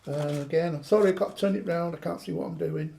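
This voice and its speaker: A man's voice: fairly high pitch, fast talker, vocal fry, warm tone, a little hiss or hum. A man chatting through a craft demonstration, joking and poking fun at himself. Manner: joking, self-mocking banter.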